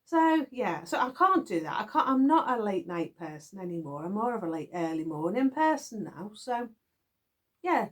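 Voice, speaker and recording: A woman's voice: medium pitch, very animated, moderate pace. A middle-aged woman from the UK, chatting casually and rambling to her viewers, with frequent giggles, recorded in a garden shed. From United Kingdom. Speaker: knitting vlogger.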